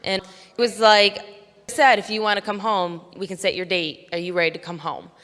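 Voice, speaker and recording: Woman, motivational speaker, smooth clear voice, earnest storytelling, long hall reverb. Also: medium pitch, fairly even intonation, fairly quick, a bit bright. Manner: earnest, storytelling, quotes others in her own voice. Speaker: speaker at a business convention. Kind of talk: motivational stage talk. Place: stage in a large venue.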